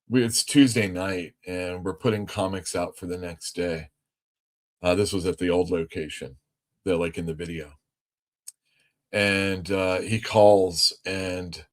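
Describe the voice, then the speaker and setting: A comic shop owner hosting a casual livestream, rambling through anecdotes with many fillers. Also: male voice, sits low. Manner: rambling, lots of fillers, laughs easily.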